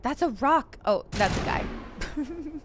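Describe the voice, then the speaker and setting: A young woman gaming streamer gives playful let's play commentary in a high-pitched, expressive voice, speaking slowly. She reacts with theatrical outbursts and mock grief, over a noisy background of game music and gunfire.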